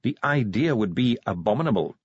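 A man's voice: mid-range voice, expressive, fairly quick, breathy edge, no room sound, dull audio. A man voicing a haughty, disdainful male dwarf steward in an audiobook, speaking in a pompous, clipped, condescending way. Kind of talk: audiobook character voice.

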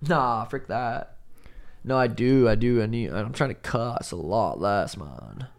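A man's voice: mid-range voice, unhurried, creaky. A young man hosting a podcast in casual chat, swearing often and acting out quotes. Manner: animated, swears a lot, acts out quotes. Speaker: podcast host.

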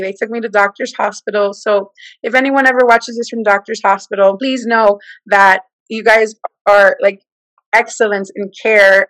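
A woman in her forties tells a personal story with lively energy. She slips into the voices of the people she quotes as she talks. Her voice sits at a middle pitch, in a dry, close recording. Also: dry recording, rough recording. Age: 40s. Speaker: guest. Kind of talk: personal testimony in conversation.

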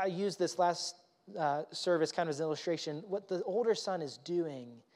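A man's voice: on the high side, a little mellow. A male pastor giving a casual, conversational sermon with fillers and repeated words. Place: church.

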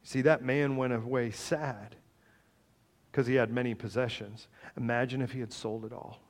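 Animated joking man preaching a sermon. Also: medium pitch, normal speed. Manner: animated, joking, swings between loud and soft. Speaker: pastor.

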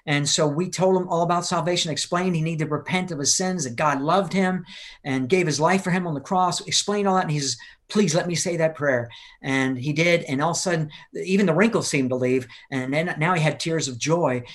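In a live-streamed interview, an older man with a slightly high, brisk voice earnestly tells his personal testimony. He speaks urgently and acts out the people he quotes.

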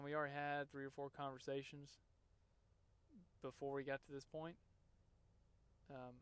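A man hosting a podcast, telling a personal story in an earnest, emotional way, halting and restarting as he talks. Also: medium pitch, clear, resonant tone. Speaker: podcast host. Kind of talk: personal story, casual monologue.

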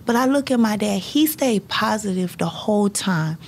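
Gravelly-voiced woman telling her faith story. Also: medium pitch, expressive, normal speed, a little hiss or hum. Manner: earnest and faith-filled, breaks into laughter. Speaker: high school counselor. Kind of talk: personal storytelling in conversation.

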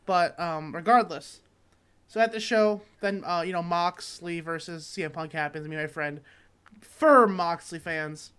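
On a comedy podcast he co-hosts, a young man from Michigan rambles through a lengthy, profane story, restarting again and again in casual, joking conversation. His slightly high voice is smooth and measured in pace, though he sounds weary and not yet warmed up.

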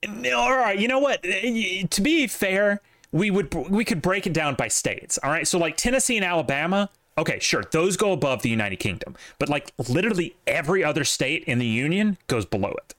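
A man's voice: sits high, lively intonation, brisk, fairly bright tone, dry recording, studio quality. A man co-hosting a casual podcast chat, opinionated and rambling, with plenty of fillers. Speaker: podcast co-host.

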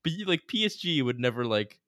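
A young man co-hosting a sports podcast in casual chat, rambling with many fillers and breaking into animated laughter. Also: mid-range voice, brisk. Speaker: podcast co-host.

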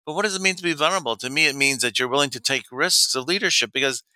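A middle-aged dating coach for men tells stories in casual talk, his medium-pitched voice racing along in a recording with no room sound. He's an animated storyteller who acts out the dialogue he quotes and laughs often.

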